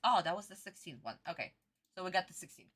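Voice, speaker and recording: A woman's voice: fairly low pitch, expressive, fast talker, a bit bright, husky. A woman streamer giving a casual reaction commentary, ranting and swearing in frustration.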